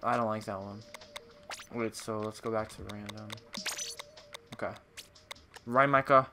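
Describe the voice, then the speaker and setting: A young man streaming a game, chatting casually with viewers and reacting loudly to the action. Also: fairly low pitch, fairly even intonation, measured pace, background noise. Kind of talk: casual live-stream gameplay chat.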